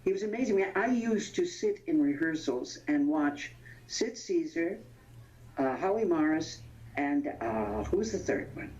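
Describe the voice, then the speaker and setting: An older woman in her eighties with a low voice reminisces as an interview guest. She tells stories animatedly, laughs often and pauses to hunt for names. The sound is dull and lo-fi. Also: very animated, a little mellow, slight background noise. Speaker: interview guest, veteran actress. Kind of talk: anecdotal reminiscing.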